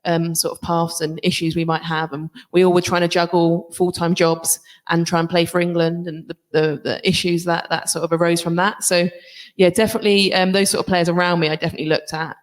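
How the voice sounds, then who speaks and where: A woman's voice: fairly low pitch, flat delivery, fairly quick. Woman rugby player chatting on a panel. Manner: chatty, many fillers and restarts. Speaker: rugby player and assistant coach. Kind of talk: panel discussion answers.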